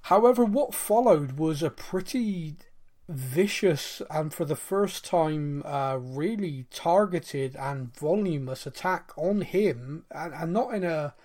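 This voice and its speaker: Chatty rambling man, fairly high voice. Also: expressive, takes it slowly, warm tone. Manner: rambling, self-interrupting, fond of mimicking accents. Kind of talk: casual chat.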